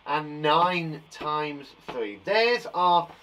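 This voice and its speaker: A man's voice: a little high, animated, very slow, fairly bright tone, slight background noise. Man, from England, primary teacher, playful, encouraging, live online lesson for small children. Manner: playful, encouraging, chats to viewers by name.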